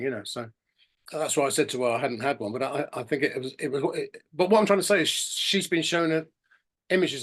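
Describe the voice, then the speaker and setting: A man's voice: fairly high pitch, a bit bright. A middle-aged man telling long stories as a guest in a casual interview, often restarting his sentences and acting out what others said. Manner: rambling storyteller, many restarts and acted-out quotes. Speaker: podcast guest.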